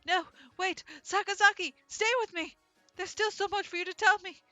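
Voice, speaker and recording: A woman's voice: sits high, moderate pace, pushed and bright, no echo, soft background music, voice pushed up. A woman voicing a proud, haughty young male pigeon aristocrat in a dating game, speaking indignantly. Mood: distressed.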